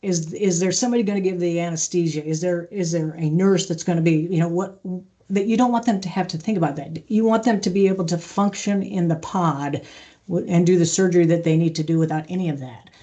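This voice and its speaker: A middle-aged woman speaking as an interview guest, telling stories in a calm, measured way with frequent restarts. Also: fairly low pitch. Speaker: podcast guest, aviation maintenance leader. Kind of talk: conversational interview.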